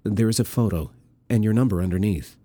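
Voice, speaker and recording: A narrator doing a flustered earnest caller. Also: male voice, on the low side, dark tone, dry recording, natural voice. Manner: eager and halting. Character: flustered earnest man calling a stranger.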